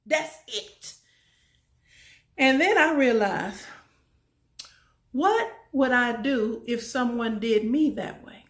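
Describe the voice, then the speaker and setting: Brief: woman speaker, motivational talk, emphatic and folksy, fairly high voice, roomy echo. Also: animated, slow. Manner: emphatic and repetitive, folksy, asks the audience questions.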